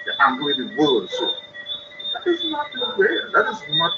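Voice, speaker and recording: A man's voice: a little high, wildly swooping pitch, moderate pace. A man speaks to parents in a live stream, earnest and insistent. He hammers his points home by repeating them. The stream sounds muffled and lo-fi, with heavy noise underneath. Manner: earnest, repetitive emphasis. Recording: dull lo-fi stream with loud noise.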